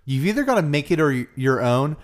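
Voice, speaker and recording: A man's voice: fairly high pitch, big pitch swings. A man co-hosting a casual podcast, teasing his partner and tossing out jokes. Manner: teasing, playful, quick with jokes. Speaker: podcast co-host. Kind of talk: casual chat.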